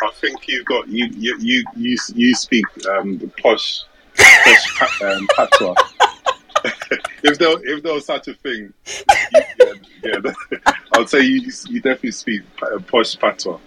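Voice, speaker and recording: A man's voice: mid-range voice, moderate pace, very noisy. A British man chatting casually as a podcast guest, repeating words and laughing easily. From United Kingdom. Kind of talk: casual chat.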